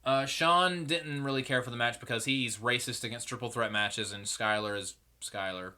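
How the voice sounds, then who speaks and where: A man's voice: mid-range voice, moderate pace, bright, forceful tone, a little hiss or hum. A young man hosting a solo podcast, giving rambling, opinionated commentary and swearing freely. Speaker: podcast host.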